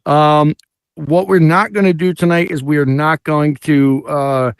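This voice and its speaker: A man's voice: fairly high pitch, measured pace, clean tone, no room sound, clean studio sound. A man hosting a live comedy talk show, telling a story casually and acting out the sounds a band makes. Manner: animated, imitates band sounds and acts out quotes. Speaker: show host.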